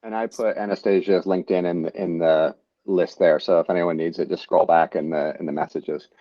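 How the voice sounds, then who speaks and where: A man hosting a live online forum, moderating in a relaxed, conversational way. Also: deep voice, fairly quick, no echo. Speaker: host. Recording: dry, lo-fi video call audio.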